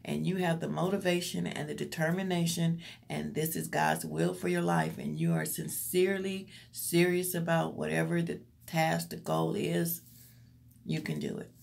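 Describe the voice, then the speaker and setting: Woman vlogger, low gravelly voice, earnest faith-filled pep talk to her viewers. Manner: earnest, encouraging, preacherly repetition. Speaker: motivational vlogger. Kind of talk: faith-based motivational talk to camera.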